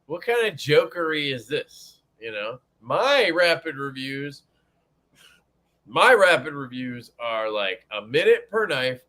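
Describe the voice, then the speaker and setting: Young adult male livestream host, bright lively delivery, swears a lot, chatty with viewers. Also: on the high side. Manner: profane, joking, greets chat viewers. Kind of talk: casual livestream chat.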